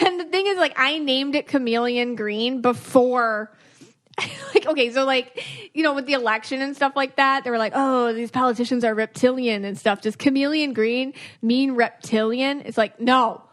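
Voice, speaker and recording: A woman's voice: sits high, moderate pace. A woman hosting a podcast and reading auras, chatting casually, laughing often and acting out quoted voices. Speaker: podcast host, aura reader.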